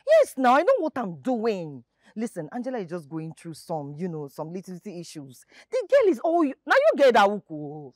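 Nigerian pidgin fixer lady, coaxing, calming, very animated pitch, dry sound. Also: normal speed, dry recording. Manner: coaxing, soothing, repetitive. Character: smooth-talking Nigerian female matchmaker, coaxing.

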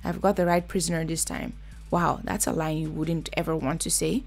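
Blunt chatty woman with a gravelly edge. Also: deep voice, fairly even intonation, a little fast, a little mellow, soft background music. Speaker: reality TV reviewer. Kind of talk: casual reaction commentary.

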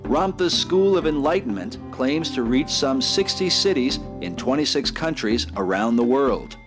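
Guy narrating a documentary, scripted and skeptical, music clearly playing under him. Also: medium pitch, lively intonation, measured pace.

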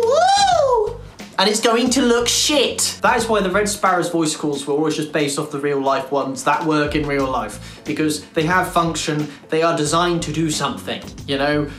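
A woman's voice: low-pitched, fairly bright tone. A woman hosting a casual game tutorial, chatty and emphatic, with blunt slang. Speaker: gaming tutorial host. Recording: echoey room with faint music.

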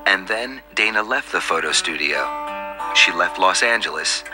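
Male narrator, deep voice, somber scripted read over a music bed. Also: lively intonation, moderate pace. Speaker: documentary narrator.

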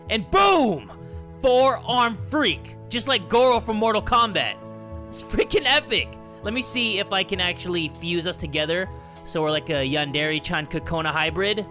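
Energetic gaming host, bright voice, wide swings in pitch, loud and profane, faint music underneath. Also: male voice, moderate pace. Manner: loud, swearing, bursts of shouting and laughter. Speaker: gaming YouTuber. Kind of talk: excitable let's-play commentary.

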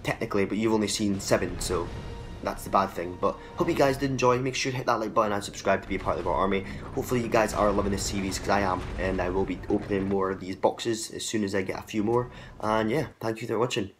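A young man commentating his own gameplay for his channel, excitable and swearing freely as he talks at the players on screen. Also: on the low side, fast talker, faint music behind. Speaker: gaming channel host. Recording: game sounds under the voice, clearly audible.

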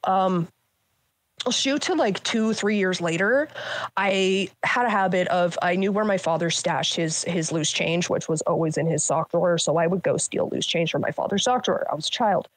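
Woman guest, 30s, low-pitched, blunt and sweary, dry close mic. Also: moderate pace, no echo. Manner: blunt, frequent swearing, many fillers. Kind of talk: candid personal storytelling.

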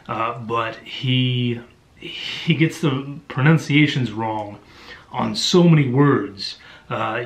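A man's voice: medium pitch, fairly bright tone. A man giving casual audiobook reviews, blunt and exasperated, with lots of ums and uhs. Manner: blunt, exasperated, with many fillers. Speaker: book reviewer.

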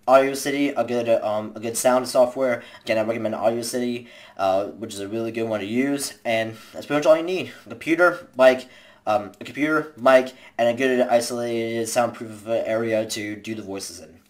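A woman's voice: extremely low pitch, steady tone, fairly quick. A young woman giving casual, rambling tips to viewers in a home video, with lots of fillers and restarts. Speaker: vlogger.

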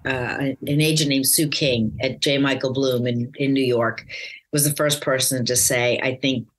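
Low-voiced woman telling career stories. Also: fairly even intonation, unhurried. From United States. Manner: rambling, warm storytelling with many fillers and restarts. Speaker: actress guest. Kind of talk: casual interview chat.

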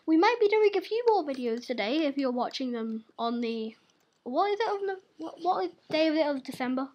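High-voiced chatty girl gamer. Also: lively intonation, fairly quick, darkish tone, highs cut off. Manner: chatty, giggly, teasing. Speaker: gaming channel host. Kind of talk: casual gaming commentary.

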